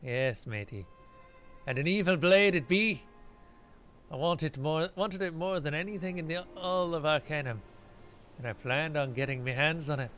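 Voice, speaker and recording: A man's voice: on the high side, moderate pace, fairly bright tone, faint music behind, close to an everyday voice. A man voicing a grim, boastful old male pirate ghost, reading game dialogue aloud in salty pirate talk.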